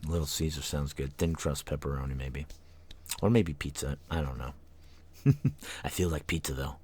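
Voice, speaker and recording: A man's voice: very deep voice, moderate pace, darkish tone, breathy edge. A man hosting an internet radio show, rambling tiredly from one tangent to the next with many fillers and yawns. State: tired, yawning. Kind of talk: casual rambling monologue. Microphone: studio microphone.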